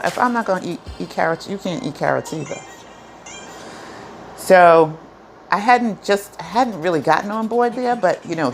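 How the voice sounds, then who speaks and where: A woman vlogger telling a personal story in a chatty, animated way, full of asides. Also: on the low side. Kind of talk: casual storytelling to camera.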